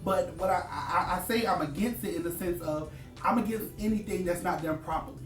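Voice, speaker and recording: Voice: mid-range voice, fairly quick. A hairstylist who teaches the craft, talking casually and with emphasis on a panel, repeating points to drive them home. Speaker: hairstylist and educator. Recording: roomy sound from a distant mic, faint music.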